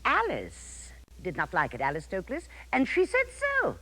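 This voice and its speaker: An older actress delivers a stage monologue in a declamatory, sing-song way. Her voice is bright and swoops wildly up and down. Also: medium pitch, wildly swooping pitch, normal speed. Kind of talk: theatrical monologue.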